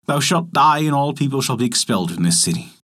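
A man doing a stern imperious old king from a folktale, husky voice that rises and falls a lot as he speaks in old-fashioned phrases, storybook reading. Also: medium pitch, animated, quick pace, fairly bright tone. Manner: archaic, imperious speech.

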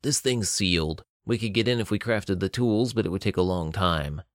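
A man's voice: fairly low pitch, moderate pace, dry recording, clean studio sound, close to an everyday voice. A man reading a novel aloud, voicing a dutiful male soldier in his own everyday voice. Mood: plain. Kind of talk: audiobook character voice.

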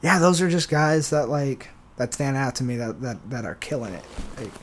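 A man's voice: mid-range voice, moderate pace, slight background noise. A man from San Diego, a stand-up comedian, chatting as a podcast guest in a loose, rambling way full of fillers and restarts. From San Diego, USA. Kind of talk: casual podcast chat.

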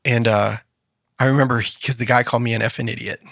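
A man co-hosting a podcast in a studio, telling personal stories in a casual, animated way and acting out what others said. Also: mid-range voice, quick pace, gravelly, no room sound. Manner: animated storyteller, acts out quoted voices. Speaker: podcast co-host.

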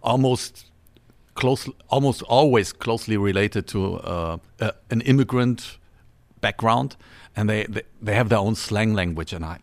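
Guy w gravelly voice, kinda halting, guest musician chatting. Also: on the low side. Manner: halting, restarts often, measured opinions. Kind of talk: casual chat.

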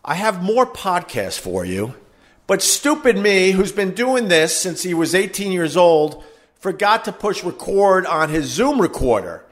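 A man hosting his podcast, ranting heatedly with swearing and shouted bursts, recorded in a home studio. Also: sits high, big pitch swings, a little slow. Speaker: podcast host. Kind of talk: casual monologue rant. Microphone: high quality recorder.

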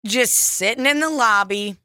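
A young woman co-hosting a casual chat, spinning animated, profane stories and laughing as she goes. Her voice is bright and forward. The sound is dry and close, with no room around it. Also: fairly high pitch, unhurried, no room sound. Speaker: podcast co-host.

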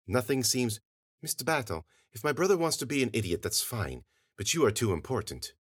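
A man's voice: medium pitch, sing-song, a little fast, a bit bright, slightly rough, pitched above the performer's own voice. A man voicing a protective woman fighter who speaks urgently and scolds in a raised voice.

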